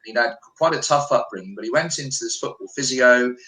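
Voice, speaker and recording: This fast-talking British healer, with a mid-range voice, tells a personal story as a guest during a storytelling interview on a remote call from an echoey room. He's animated and voices the quoted dialogue as if acting it out.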